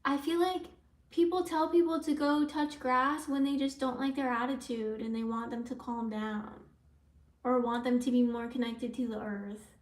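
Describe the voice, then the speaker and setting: Woman live streamer, high voice, rambling chat answering comments, recorded from a distance in an echoey room. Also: steady tone, normal speed. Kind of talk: casual livestream chat with viewers. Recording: roomy sound from away from the mic.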